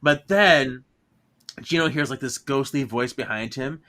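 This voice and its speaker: A man with a bright, forward voice recaps a story on a casual podcast. He laughs easily and often, tripping over words as he hurries through the plot. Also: mid-range voice, a little slow. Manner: giggly, laughs often while retelling the plot. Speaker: podcast co-host.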